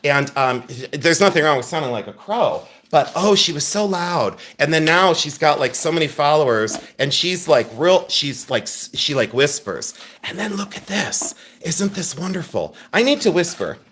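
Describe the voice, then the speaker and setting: A man hosting a live online jewelry sale, loud, excitable and chatty, with a habit of teasing himself. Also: a little high, moderate pace, few pauses, slight background noise. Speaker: livestream jewelry seller. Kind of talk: live online sales pitch.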